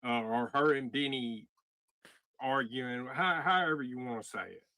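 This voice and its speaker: Bright-voiced man, heated and blunt. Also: mid-range voice, normal speed, no room sound. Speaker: livestream host. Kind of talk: casual livestream commentary.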